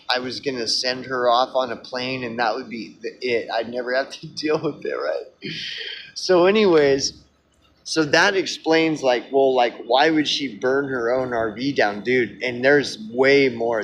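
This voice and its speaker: A man's voice: fairly high pitch, fairly bright tone, slight background noise. A man telling a personal story in a casual, rambling way, swearing often and calling the listener dude.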